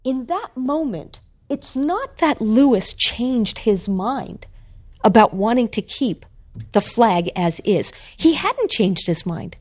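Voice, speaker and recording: A woman, an author and guest on a talk show, tells a story at a slow, unhurried pace. Her voice swings widely in pitch as she brings the tale to life, and her delivery stays animated and expressive throughout. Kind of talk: storytelling in a conversation.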